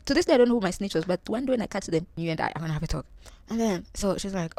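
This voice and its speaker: A woman's voice: mid-range voice, fast talker, dry recording. A young woman from Tanzania telling a humorous story about her life, acting out the voices of the people in it. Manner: animated, acts out quoted voices. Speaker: vlogger.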